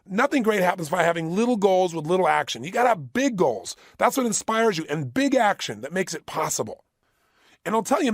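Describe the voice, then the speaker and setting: A man's voice: high-pitched, no echo. A middle-aged man giving a motivational talk, emphatic and repeating phrases for effect, recorded close in a studio. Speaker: motivational speaker. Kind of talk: motivational audio program.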